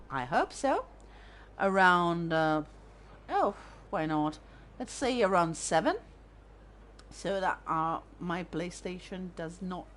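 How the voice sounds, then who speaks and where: A woman streaming a video game, chatting casually and thinking aloud as she plays. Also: on the low side. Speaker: let's-play streamer. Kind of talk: casual gameplay commentary.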